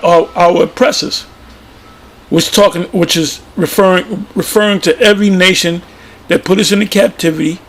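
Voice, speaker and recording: Gravelly plain-spoken man preaching. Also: high voice. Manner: plain-spoken, emphatic, repeats himself. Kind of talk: informal religious commentary.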